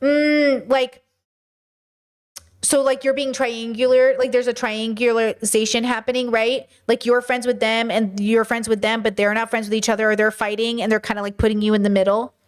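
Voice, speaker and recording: A woman's voice: on the high side, level tone, moderate pace, smooth. A woman hosting a livestream, answering viewers' chat questions in an earnest, emphatic way.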